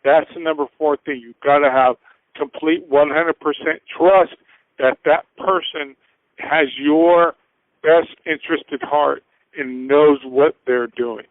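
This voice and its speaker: A man's voice: on the high side, fairly even intonation, measured pace, dry recording. Man giving earnest money advice on radio. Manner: earnest, acts out little scenes in voices. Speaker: finance guest. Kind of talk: casual radio advice talk. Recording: tinny phone-like dry sound.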